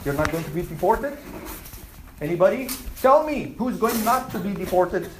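A woman's voice: mid-range voice, lively intonation, moderate pace, noisy background. A woman teaching an Islamic class, asking her students questions and repeating her points. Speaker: religious teacher.

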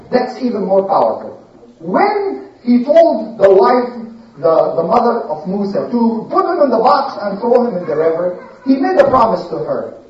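A man telling a religious story to children in an animated way, often pausing to quiz them. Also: sits high. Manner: animated, asks children questions. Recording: echoey room, distant muffled mic.

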